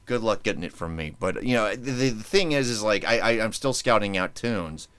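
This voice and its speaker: A man's voice: lowish voice, expressive, normal speed, a bit bright, clean tone, no echo. A man hosting his own podcast in casual chat, rambling and joking as he restarts his sentences. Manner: rambling, self-interrupting, joking. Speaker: podcast host.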